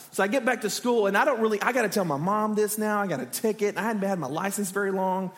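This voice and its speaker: A man in his thirties from Texas, a pastor preaching with animated, self-deprecating stories. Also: sits high, fast talker, few pauses. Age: 30s. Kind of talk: sermon with humorous personal story. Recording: echoey church hall.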